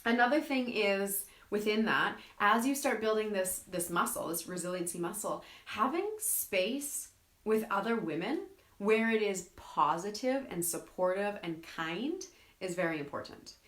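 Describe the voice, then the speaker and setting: Animated woman hosting a self-help livestream. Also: medium pitch, a little slow, roomy sound. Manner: animated, acts out quoted friends. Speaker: host. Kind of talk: live-streamed self-help talk.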